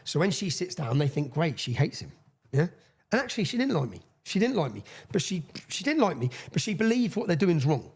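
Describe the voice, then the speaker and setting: A man's voice: high-pitched, gravelly, breathy edge. A man, a podcast guest telling a long story with energy, swearing and acting out the people he quotes. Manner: fast, excitable, swears, acts out quoted voices. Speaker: interview guest. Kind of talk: animated storytelling in a podcast interview.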